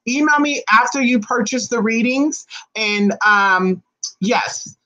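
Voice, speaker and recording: A spiritual reader chatting live with viewers in a sassy, fast way, calling them honey, with big swings in pitch. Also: bright, forceful tone, highs cut off. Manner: talks fast. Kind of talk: live-stream chat with viewers.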